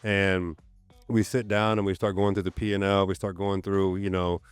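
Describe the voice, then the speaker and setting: Man, deep low voice, smooth and clear, candid storyteller, casual interview. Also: moderate pace, soft background music. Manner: candid, animated storyteller with fillers like "so, like". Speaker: podcast guest, gym owner.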